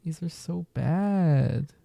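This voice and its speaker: A man's voice: on the high side, drawn-out words, gravelly, warm tone, no echo. A man reacting casually to a music list, muttering exasperated, profane comments with whispered asides.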